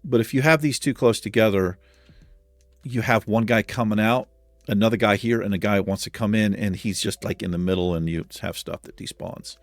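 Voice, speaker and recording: A man's voice: lowish voice, normal speed, dry recording. A man hosting a gaming channel, thinking aloud and muttering in casual let's-play commentary, mildly exasperated.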